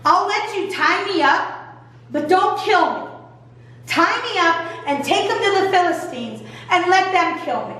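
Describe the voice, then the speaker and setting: A woman's voice: extremely high pitch, lively intonation, a little slow, pushed and bright, pitched above the performer's own voice, full character voice. A woman voicing the cocky strongman Samson in a breezy, offhand way, heard from far off in an echoey hall. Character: boastful strongman Samson, young man, cocky.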